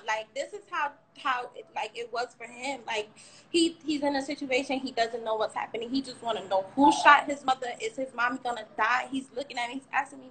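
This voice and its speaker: A woman's voice: high voice, a little fast, bright, forceful tone, slight background noise, rough recording. Candid young woman telling her story. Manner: candid, rambling, swears. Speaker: shooting survivor sharing her story. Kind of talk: emotional personal account on a livestream.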